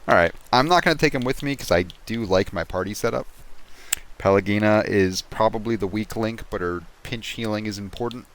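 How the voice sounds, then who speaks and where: A man streaming a game, reading its narration aloud in a relaxed way and adding casual asides. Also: lowish voice, fairly quick, slight background noise.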